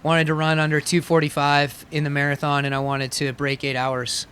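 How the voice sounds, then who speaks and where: A man in his thirties, a pro athlete talking through an interview in an easygoing way, full of "you know" and "like." His voice is bright and smooth, pitched a bit high for a man. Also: completely flat delivery, normal speed. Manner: easygoing, frequent fillers and laughs. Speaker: pro triathlete guest. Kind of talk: casual interview.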